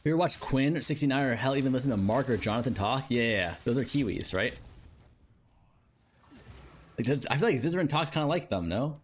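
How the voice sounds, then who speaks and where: A man's voice: medium pitch, expressive, brisk, pauses often, a little hiss or hum. Chatty male game streamer, midrange voice. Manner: rambling, filler-heavy, musing aloud with frequent "like". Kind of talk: casual chat with live viewers.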